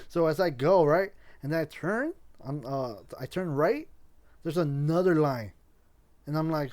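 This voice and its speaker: A man's voice: a little high, normal speed, darkish tone. A man hosting a casual podcast, telling a rambling story with lots of swearing and restarts. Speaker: podcast host.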